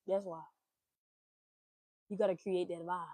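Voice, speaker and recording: A young woman hosting a casual talk stream, giving blunt, profane relationship advice in an animated rant. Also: lowish voice, unhurried, no echo. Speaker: host.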